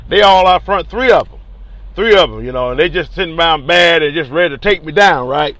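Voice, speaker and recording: A man, a teachers union leader telling a story in an animated, colloquial and emphatic way. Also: on the high side, a little fast, no echo. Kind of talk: casual spoken storytelling.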